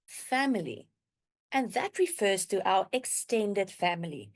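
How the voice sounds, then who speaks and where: Lively woman teaching a language lesson. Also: mid-range voice, unhurried.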